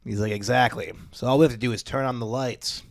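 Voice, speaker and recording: A man's voice: mid-range voice, fairly even intonation, quick pace, creaky, no echo, clean studio sound. Profane, exasperated man podcasting. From United States. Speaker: podcast co-host. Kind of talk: casual comedic chat.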